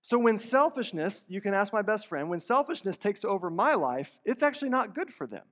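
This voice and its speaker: His voice sits high and sing-song, fairly bright and a little fast. He is a pastor giving a sermon with earnest, conversational warmth and rising emphatic surges. It was captured in a church sanctuary with a dull sound and a long hall reverb.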